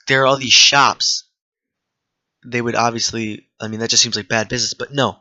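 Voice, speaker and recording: A man's voice: mid-range voice, moderate pace, no room sound, muffled recording. A man giving casual commentary while playing a trivia game, rambling into stories and swearing freely. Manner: rambling, excitable storyteller who swears freely. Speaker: gaming video creator.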